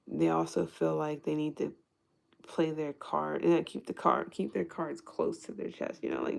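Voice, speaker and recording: Heavy-fry woman rambling through a tarot reading. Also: low-pitched. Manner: rambling, thinks aloud with frequent restarts; swears freely, laughs often. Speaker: tarot reader.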